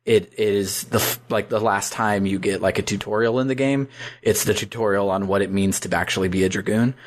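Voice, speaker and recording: A man hosts a relaxed chat podcast about games, his voice sitting a little low. He rambles along with plenty of fillers and laughs often. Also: fairly quick. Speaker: podcast host. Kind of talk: casual gaming podcast chat.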